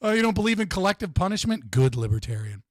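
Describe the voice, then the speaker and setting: A man's voice: high-pitched, sing-song, quick pace, dry recording, clean studio sound. An American man hosting a casual livestream, joking and rambling with frequent laughs. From United States. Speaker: streamer and debate host.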